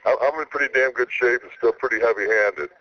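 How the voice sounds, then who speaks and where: A man's voice: mid-range voice, fast. A man talking casually as a guest in an interview, laid-back and rambling, with many stammered restarts. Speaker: wrestler guest. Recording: slightly muffled radio audio with faint hiss.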